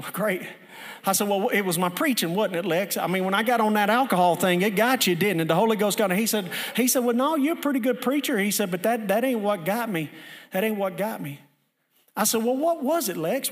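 A high-voiced male pastor with a drawl tells a story from the pulpit in a folksy, animated way, often rising to a shout. His voice rings out with the long reverb of a church hall. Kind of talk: sermon with storytelling.

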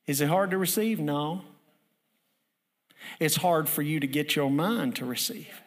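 A high-voiced male pastor with a drawl tells a story from the pulpit in a folksy, animated way, often rising to a shout. His voice rings out with the long reverb of a church hall. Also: measured pace. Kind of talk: sermon with storytelling.

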